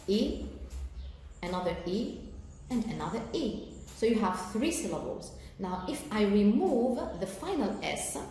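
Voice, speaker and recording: A woman with an Algerian accent teaching an English lesson, explaining slowly and carefully with fillers and frequent "okay?" checks. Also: medium pitch, darkish tone. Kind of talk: recorded televised lesson. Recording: very echoey room with faint background noise.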